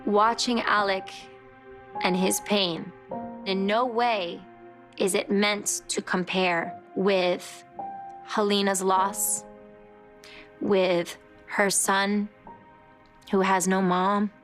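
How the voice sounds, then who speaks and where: A woman's voice: medium pitch, level tone, drawn-out words, pauses often, a bit bright, soft background music. A woman in her forties speaking earnestly and reflectively in a confessional interview for a reality show. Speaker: reality show cast member.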